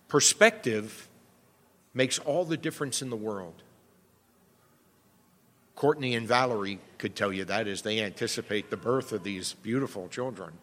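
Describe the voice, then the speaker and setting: A pastor delivers his sermon in an earnest, emphatic way, often turning to rhetorical questions. His voice sits at an ordinary middle pitch for a man. The recording carries the long reverb of a church hall. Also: animated, a little slow, pauses often, fairly bright tone. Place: church sanctuary.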